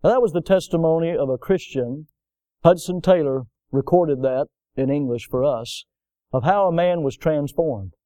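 A man preaching a sermon, telling folksy stories and swinging between loud emphasis and softer passages. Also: a little high, normal speed, dry recording. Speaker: pastor.

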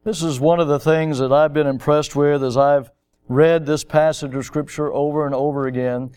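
A man's voice: on the high side, steady tone, moderate pace, a little mellow, clean tone. A middle-aged man preaching a sermon as pastor, building to emphatic, impassioned peaks.

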